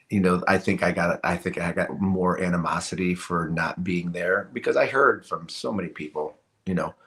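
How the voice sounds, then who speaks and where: A middle-aged man, once a hockey player and now retired, tells a personal story as a guest on a casual podcast interview. His voice is low with a fairly bright tone, and he restarts often and says "you know" a lot.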